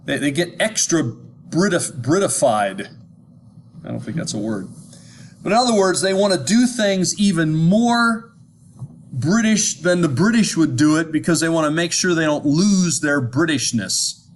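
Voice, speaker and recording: A man's voice: a little high, animated, unhurried, slight background noise. An American man giving an informal lecture, talking conversationally and often checking whether his listeners follow, with frequent restarts. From United States.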